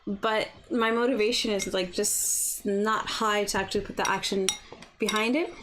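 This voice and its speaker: A young woman hosts a casual breakfast livestream from her home apartment, chatting freely, filling her talk with "like", and reading and answering viewers' comments as they arrive. Her mid-range voice is fairly bright, at a moderate pace with fairly even intonation, over slight background noise.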